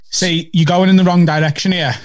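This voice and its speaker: A man's voice: high voice, fairly even intonation, fairly quick, no room sound. A man co-hosting a podcast in laid-back, wry casual chat. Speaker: podcast co-host.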